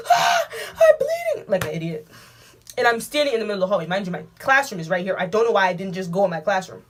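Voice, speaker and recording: A woman recounting a story for her vlog with lively, dramatic emphasis and frequent offhand asides. She talks into a camera mic at home, casual and expressive. Her pitch sits in a typical middle range for a woman. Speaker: vlogger.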